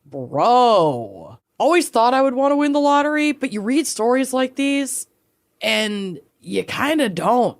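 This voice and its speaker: A woman's voice: on the high side, very animated, unhurried, no room sound, clean studio sound. A woman co-hosting a casual podcast, chatting loosely with lots of fillers and the odd swear word. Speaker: podcast co-host. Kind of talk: casual chat.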